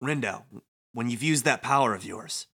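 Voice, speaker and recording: A man's voice: mid-range voice, moderate pace, bright, forceful tone, husky. A man reading a practical young team leader.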